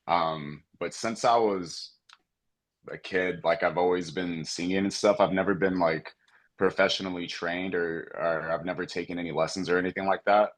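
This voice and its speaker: A man's voice: low voice, fairly even intonation, normal speed. A man from Texas who is a singer, answering as a podcast guest in an easygoing, hesitant way. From San Antonio, Texas. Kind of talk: casual interview chat.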